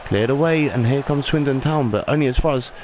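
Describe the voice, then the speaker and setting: A young man doing excitable play-by-play football commentary over a video game he is playing. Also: brisk, a little hiss or hum, rough recording. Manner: excitable play-by-play, rising in pitch on big moments. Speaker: gaming YouTuber.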